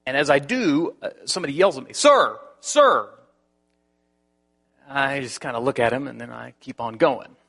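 Bright-voiced preacher telling a story. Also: male voice, mid-range voice, fast, gravelly, few pauses. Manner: animated storytelling with many restarts. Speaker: pastor. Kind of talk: sermon.

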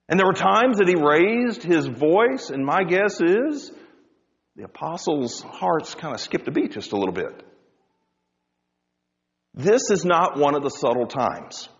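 A man's voice: sits high, very animated, moderate pace, pauses often, long reverb tail, lo-fi sound. A man preaching a sermon as pastor, rising and dropping his voice for emphasis.

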